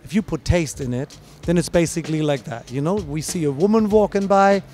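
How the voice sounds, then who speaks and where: A man's voice: a little high, brisk, warm tone, slight background noise. A man who judges breakdancing, explaining his judging in an interview with many fillers and restarts. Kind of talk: interview answer, explaining at length. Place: at a dance event.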